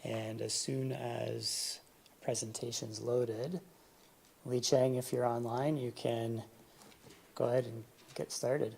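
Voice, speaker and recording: A man planning agent addresses council courteously and plainly. His voice is dark and mellow with a gravelly fry. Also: medium pitch, little pitch movement, slow.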